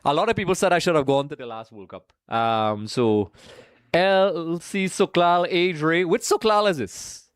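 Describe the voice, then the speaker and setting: A man's voice: a little high, measured pace, clean tone, no room sound, clean studio sound. Chatty man hosting a stream. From Trinidad. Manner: chatty, greets viewers by name, keeps saying folks. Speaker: live stream host. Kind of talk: casual live watch-along chat.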